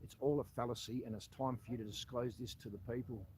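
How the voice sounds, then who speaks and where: A man's voice: medium pitch, steady tone, fast, dark tone, a little hiss or hum, poor audio. A man with an Australian accent, a former army soldier, making a direct-to-camera appeal that confronts the listener and keeps calling him "mate".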